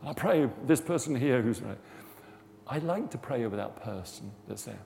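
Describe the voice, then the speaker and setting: In a long, reverberant hall with a little background noise, a man delivers a casual sermon on healing prayer. His mid-range voice has vocal fry, a slightly mellow quality, and lively intonation at normal speed, moving from chatty storytelling to fervent emphasis.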